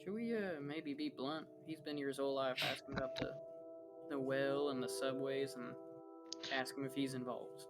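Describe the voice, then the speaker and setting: A man's voice: mid-range voice, fairly even intonation, normal speed, over loud music. A man playing a detective in a tabletop game, asking polite, probing questions. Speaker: player. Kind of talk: in-character detective role-play.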